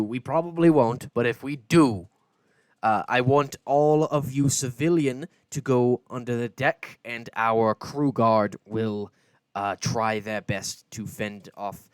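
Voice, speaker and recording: A man voicing a dwarven sea captain in his fifties. The captain makes a loud, rambling announcement full of hesitations. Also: mid-range voice, measured pace, no echo, natural voice. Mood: reassuring.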